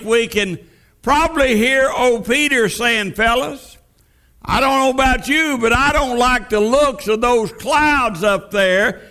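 A preacher with an unusually high, pushed, bright voice tells his sermon as vivid storytelling. He speaks slowly and deliberately, lowering his voice for dramatic moments.

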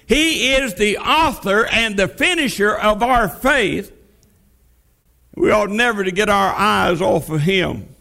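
A man delivers a sermon as vivid storytelling, dropping his voice for dramatic moments. His delivery is slow and deliberate, and his tone is unusually high. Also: vocal fry, bright, forceful tone. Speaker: preacher.

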